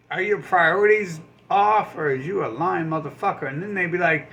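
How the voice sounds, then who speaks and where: A man's voice: a little high, expressive, normal speed, hardly any pauses, fairly bright tone. A man delivering a sarcastic, profane, rambling rant, mocking people by putting on their voices. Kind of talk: ranting monologue.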